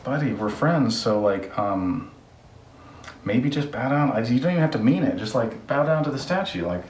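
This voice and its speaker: A man's voice: mid-range voice, lively intonation, normal speed, darkish tone, distant mic, a little hiss or hum, lightly acted. A man voicing an ancient king who coaxes and pleads in casual modern slang. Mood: pleading. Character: boastful ancient male king, pleading then furious. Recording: roomy sound from off-mic.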